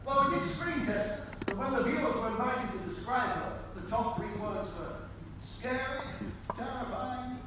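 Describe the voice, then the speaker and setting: An actor on stage playing a pushy male news executive who talks in a brisk, bossy way. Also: extremely high pitch, noisy background. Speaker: news channel boss. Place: large theatre stage. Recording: distant echoey theatre audience recording.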